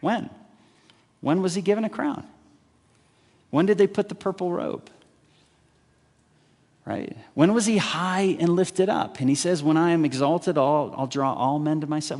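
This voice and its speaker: A male pastor preaching a lively sermon, firing off rhetorical questions and briefly acting out the voices of crowds. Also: a little high, normal speed. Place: church hall. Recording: live church stream with long hall reverb.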